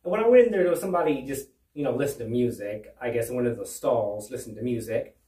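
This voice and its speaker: Rambling comedian telling a story at home. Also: male voice, mid-range voice, quick pace, dark tone, recorded from a distance. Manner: rambling, full of restarts and "right?" asides. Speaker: stand-up comedian. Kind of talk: stand-up storytelling. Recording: roomy, away from the mic.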